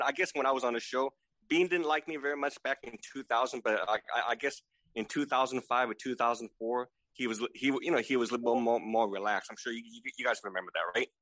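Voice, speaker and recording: A man's voice: medium pitch, fairly even intonation, quick pace, sharp tone, dry recording, poor audio. A man in his forties, a podcast guest, who stammers, repeats his words and keeps asking "right?" for agreement. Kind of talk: casual remote chat.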